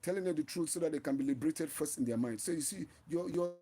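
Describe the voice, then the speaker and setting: A man's voice: fairly high pitch, quick pace, mellow, breathy edge. A man hosting his own channel, giving an impassioned, preachy live-stream talk and often repeating and restarting his phrases. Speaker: channel host.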